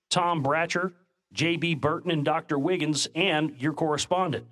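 A man giving scripted documentary narration, reading old newspaper accounts in a measured, dramatic way. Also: a little high, fairly bright tone.

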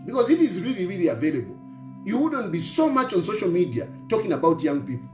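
A man's voice: high voice, big pitch swings, quick pace, darkish tone. A middle-aged man from Zambia with a Zambian accent, lecturing an opponent in a scolding monologue and repeating his points. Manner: lecturing, repeats phrases, mixes local words into English. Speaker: opposition politician. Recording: roomy echo with faint music.

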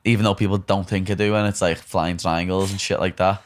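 A podcast host with a Liverpool Scouse accent chats casually in loose slang, rambling and playful. His voice sits low, and he talks briskly with a flat delivery.

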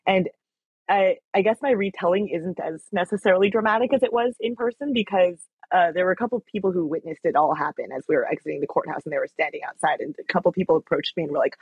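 A young woman guest races through her story in a husky, breathy voice. She fills it with "like" and acts out the lines of others. The sound is dry and a bit muffled. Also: lowish voice, quick pace, no room sound. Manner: chatty, many "like" fillers, acts out quoted lines. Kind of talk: casual interview storytelling.

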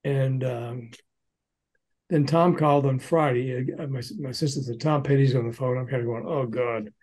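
An older man, a former record promoter, telling animated anecdotes in a podcast interview and acting out the quotes. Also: medium pitch, normal speed, low-quality recording.

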